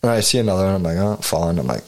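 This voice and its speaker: A man's voice: low voice, big pitch swings, racing. A man co-hosting a podcast, rambling through a hunting story in casual chat with frequent swearing. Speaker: podcast co-host.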